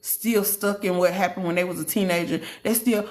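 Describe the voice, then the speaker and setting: A woman's voice: fairly low pitch, moderate pace. A woman podcast host giving a passionate, preaching-style testimony in casual, informal speech, with big emphatic rises in her voice.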